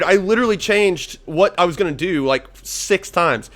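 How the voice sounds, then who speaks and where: A man's voice: high voice, expressive, moderate pace, a bit bright. A young man giving casual, profane gameplay commentary as he plays a card game, rambling and thinking aloud. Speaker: gaming YouTuber.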